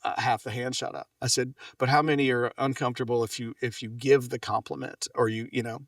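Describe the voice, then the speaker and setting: A man's voice: mid-range voice, fairly even intonation, fairly quick, dry recording, studio quality. Reflective man telling anecdotes, distant mic. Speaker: podcast guest. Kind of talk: casual conversation.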